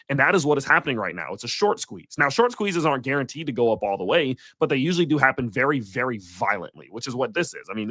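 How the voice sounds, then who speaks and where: Male livestream host, blunt and profane, swooping pitch, dry close mic. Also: a bit bright, dry recording. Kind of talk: live market commentary.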